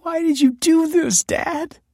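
A man voicing a frantic, tearful teenage daughter in a high, strained falsetto for a dark storybook reading. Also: slow, dry recording, studio quality, heavily acted. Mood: desperate, pleading.

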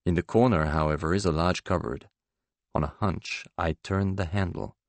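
A man narrating a literary novel in the first person, measured and restrained. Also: sits low, steady tone, vocal fry, dry recording. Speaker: audiobook narrator.

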